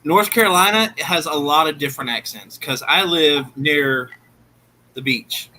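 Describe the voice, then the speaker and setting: Bright-voiced outspoken man chatting. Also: a little high, a little hiss or hum, rough recording. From northern United States. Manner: blunt, outspoken, talks in quick restarts. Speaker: streamer host. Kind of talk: casual chat.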